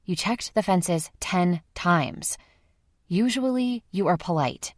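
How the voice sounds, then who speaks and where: A woman's voice: lowish voice, expressive, takes it slowly, dry recording, clean studio sound, pitched above the performer's own voice. A woman reading an audiobook, voicing its first-person heroine in dialogue with an emphatic, teasing manner. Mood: pressing. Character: blunt, teasing adult woman, the narrator's younger self in scenes.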